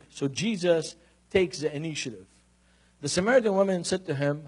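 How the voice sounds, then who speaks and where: A man preaching a sermon, reading scripture and telling personal stories in an increasingly animated, emphatic way. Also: fairly high pitch, moderate pace. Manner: storytelling, grows more animated and emphatic.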